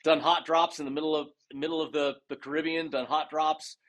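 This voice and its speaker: A man telling stories as a podcast guest in a casual, animated way, acting out dialogue and often restarting his sentences. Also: a little high, fairly quick, a little hiss or hum. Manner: animated storyteller who acts out dialogue, with frequent restarts. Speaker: guest, retired race car driver and dive master. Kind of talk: casual storytelling interview.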